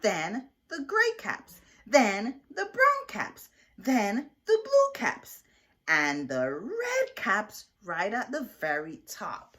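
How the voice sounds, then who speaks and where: Animated woman reading a children's book. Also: medium pitch, slow pace. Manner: animated, drawn out, with questions to young listeners. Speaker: children's storyteller.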